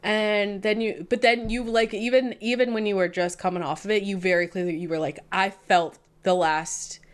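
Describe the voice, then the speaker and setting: A woman's voice: medium pitch, steady tone, fairly quick. A woman co-hosting a podcast, telling a story in casual chat and laughing often as she goes. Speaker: podcast co-host.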